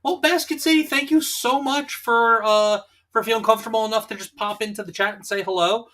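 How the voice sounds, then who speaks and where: A man's voice: high-pitched, a little fast, pushed and bright. A man hosting a casual livestream, easygoing and laughing often as he reads chat messages aloud. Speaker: streamer host reading chat.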